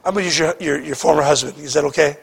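A pastor preaching a sermon, repeating words and swinging between shouting and hushed speech. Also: male voice, a little high, racing, creaky, breathy edge.

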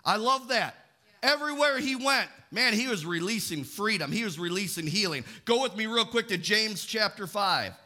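An emphatic male preacher delivering a sermon in a church. His voice sits high and swings widely in pitch. He keeps pressing his listeners for responses and builds to shouted points. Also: animated, moderate pace.

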